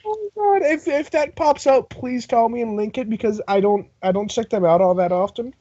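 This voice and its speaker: A woman's voice: fairly high pitch, normal speed, dry recording, lo-fi sound. A woman playing a tabletop game on a stream, chatting casually and laughing often. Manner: giggly, excitable, laughs often.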